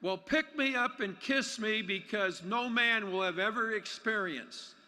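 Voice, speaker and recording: A man's voice: sits high, unhurried, pushed and bright, heavily acted. A man voicing an insistent talking frog that claims to be an enchanted maiden, telling a joke to a crowd in a large arena. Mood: coaxing, insistent. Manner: insistent, coaxing. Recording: long arena reverb.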